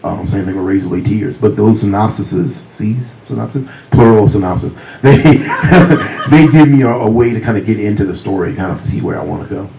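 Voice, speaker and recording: A man with a deep voice telling humorous anecdotes as a guest author at a library talk, speaking close to a handheld mic. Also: normal speed, creaky, hardly any pauses, a little hiss or hum, rough recording. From Virginia, USA. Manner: warm, humorous anecdotes, often laughing. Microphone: handheld mic close to mouth.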